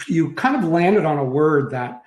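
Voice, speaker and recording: A man's voice: a little high, animated, measured pace. A man co-hosting a marketing webinar, talking in an easygoing way with small restarts. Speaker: webinar co-host. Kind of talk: casual webinar talk. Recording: roomy echo.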